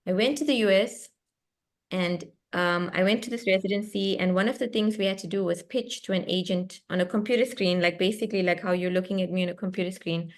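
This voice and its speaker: A young South African woman, an author with a lowish, brisk voice and a South African accent, animatedly tells a story during a book club video chat over her computer mic. She laughs often, stays lively and expressive, and interrupts herself to restart sentences.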